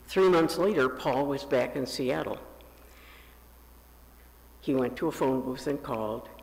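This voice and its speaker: A male pastor telling a story during a sermon, raising his pitch when he quotes the characters. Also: gravelly, a little mellow, big-room sound. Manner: slow, lifts his pitch for quoted voices. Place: church sanctuary.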